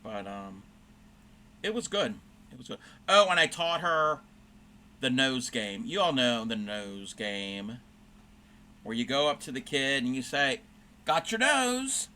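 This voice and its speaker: A man's voice: medium pitch, expressive, measured pace, pauses often, sharp tone, smooth. A man hosting a crafting livestream, telling a rambling story in casual chat with fillers and self-corrections while he stitches.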